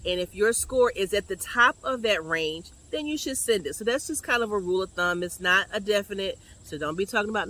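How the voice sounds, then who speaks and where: A woman's voice: medium pitch, animated, fairly quick, few pauses, bright, forceful tone. A woman who works as a school college counselor, giving advice in a direct, chatty, coaching way. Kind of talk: advice vlog.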